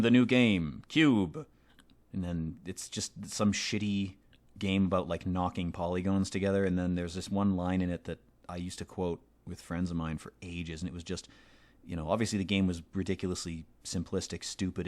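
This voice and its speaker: With a low, somewhat mellow voice, a let's play commentator rambles through casual gameplay commentary that is profane and sardonic.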